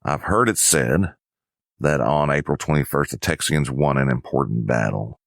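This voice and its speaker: Very deep-voiced man narrating history. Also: moderate pace, creaky, dry recording, studio quality. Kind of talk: scripted history lesson narration.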